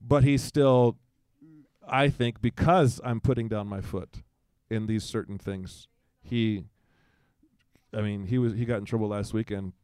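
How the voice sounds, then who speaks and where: A man's voice: lowish voice, steady tone, unhurried, darkish tone, clear, resonant tone, no echo, studio quality. A man in his forties, a guest in a casual conversation, telling a personal story and acting out quoted dialogue in livelier voices, with frequent restarts.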